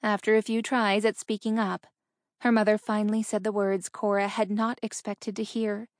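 In a clean studio recording with no room sound, a woman reads an audiobook at a medium pitch. Her narration stays steady and measured throughout.

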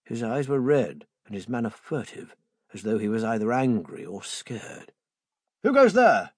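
A man narrates a story in a measured first-person tone, and his pitch moves expressively. His voice is slightly husky, and the recording is close and dry. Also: animated, warm tone, no room sound. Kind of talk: audiobook narration.

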